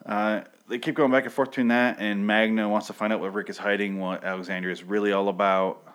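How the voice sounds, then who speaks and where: A man's voice: on the low side, flat delivery, quick pace, a bit bright, clean tone. A man casually recapping a TV episode, rambling and profane, often correcting himself mid-sentence.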